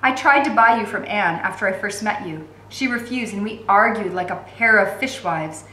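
A woman voicing a frail, sickly elderly noblewoman who speaks softly and gently in a storybook reading. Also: mid-range voice, normal speed, roomy sound, slight background noise, natural voice. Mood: confessional.

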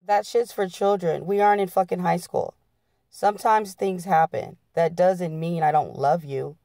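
A man's voice: sits high, normal speed, creaky, warm tone, dry recording, studio quality. A woman reading aloud the lines of a crude, volatile, controlling man arguing on the phone. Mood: dismissive. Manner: crude, dismissive.

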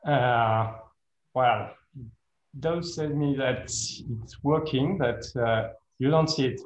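A man with a French accent presents slowly and haltingly, pausing often on "uh" as he works through his points. He speaks a second language with a mid-range voice. The sound carries a roomy echo from a video call. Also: medium pitch, muffled recording, slight background noise. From France. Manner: hesitant, many fillers, laughs at himself. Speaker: guest speaker, lawyer and professor. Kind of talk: conference presentation.

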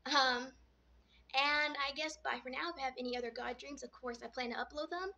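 A woman's voice: high voice, steady tone, fairly quick, sharp tone, dull audio. A woman vlogger casually retelling a dream, rambling and filling her talk with "like". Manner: rambling, full of "like" fillers.

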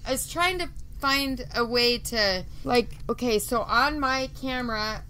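A woman co-hosting a casual podcast over a video call, talking loudly and laughing at herself while her stiff neck keeps her from turning her head. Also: on the high side, measured pace, slight background noise. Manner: loud, laughing, self-mocking. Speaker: podcast co-host. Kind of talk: casual chat. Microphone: video call with microphone.

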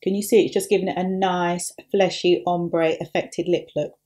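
A woman's voice: on the low side, flat delivery, normal speed, mellow. A woman makeup artist talking through a tutorial step by step in a chatty, upbeat way.

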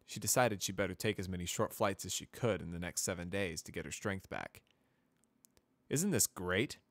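A man narrating a fan fiction story in a steady, measured reading voice. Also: low voice, dry recording.

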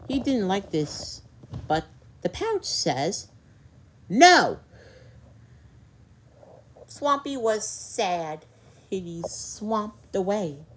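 A woman's voice: mid-range voice, expressive, slow pace. Hesitant woman telling a toy story. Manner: hesitant, with fillers and slips. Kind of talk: improvised children's story narration.

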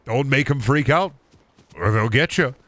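A man's voice: medium pitch, expressive, a little slow, fairly bright tone. Joking young man streaming a game. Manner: joking, repetitive bits, swears often. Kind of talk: casual gameplay commentary.

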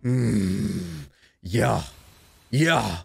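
A young man hosting an anime reaction, casual and slangy, swinging from low grumbling to loud cheering as he talks to the screen. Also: lively intonation, drawn-out words, vocal fry, breathy edge, soft background music. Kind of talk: excited reaction commentary.

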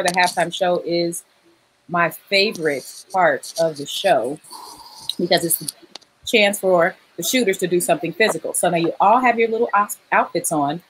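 A woman's voice: lowish voice, fairly bright tone, a little hiss or hum, rough recording. A woman hosting a livestream dating game show, playful, laughing often and reading out donations. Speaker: host.

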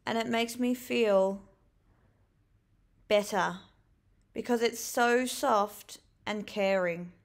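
A woman teacher giving a children's vocabulary lesson, with slow, clearly enunciated, encouraging prompts. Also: a little high.

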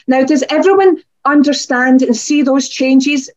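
A woman's voice: high voice, measured pace, darkish tone, dull audio. A woman teaching an online creative writing lesson to children, encouraging and asking pupils questions by name over a video call.

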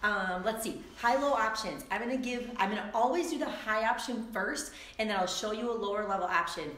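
A woman fitness instructor chatting with viewers before a live online workout class, upbeat and greeting people by name, her voice a little hoarse from the morning. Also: medium pitch, moderate pace, fairly bright tone, roomy sound. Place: room at home.

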